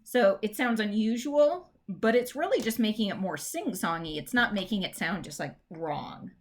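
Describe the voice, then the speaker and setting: A woman teacher giving a recorded English lesson. She explains in a chatty, informal way and reads verse lines slowly, stressing the beats. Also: medium pitch, animated. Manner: chatty, informal fillers and restarts.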